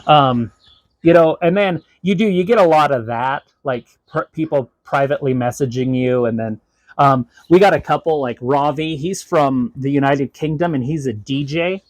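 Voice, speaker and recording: A counseling client who is also a live streamer talks casually in a session, rambling, stumbling, restarting sentences, and laughing often. His mid-range voice comes through a low-quality recording with no room sound.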